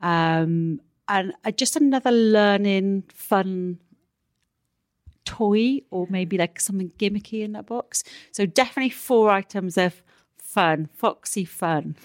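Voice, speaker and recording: A woman's voice: mid-range voice, unhurried, dry recording, studio quality. A woman with a Welsh accent, a guest on a casual chat show, explaining her business step by step with frequent ums. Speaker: guest entrepreneur.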